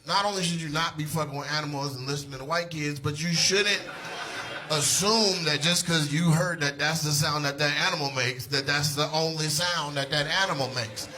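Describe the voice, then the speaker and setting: A male stand-up comedian telling a story on stage to a live audience, loud and animated, laughing through his punchlines and swearing freely. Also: on the high side, moderate pace.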